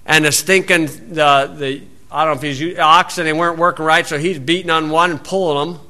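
A man preaching a sermon in a folksy storytelling way, acting out the people in his stories and shouting out scripture. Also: fairly high pitch, steady tone, fairly quick. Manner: folksy storytelling, acts out voices, loud shouted quotes.

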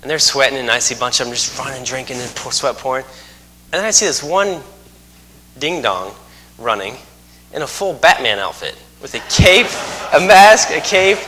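A man's voice: medium pitch, very animated, moderate pace, bright, forceful tone, slight background noise. A man preaching a sermon, folksy and emphatic, with joking asides.

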